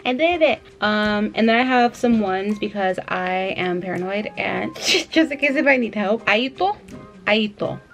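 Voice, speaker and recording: A woman's voice: medium pitch, moderate pace, hardly any pauses, faint music behind. A young woman in her twenties vlogging casually to camera at home. She is chatty and giggly and fills her talk with "like". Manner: chatty and giggly, full of "like" fillers.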